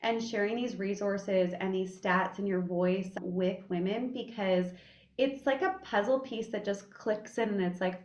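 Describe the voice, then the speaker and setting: A woman hosting a podcast in a casual interview chat, a candid, animated storyteller who swears freely. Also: mid-range voice, measured pace. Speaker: podcast host. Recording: echoey room, dull lo-fi sound.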